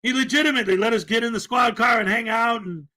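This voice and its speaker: High, bright-voiced man telling a story. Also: fast. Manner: rambling, animated storytelling with many fillers. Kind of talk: casual podcast chat.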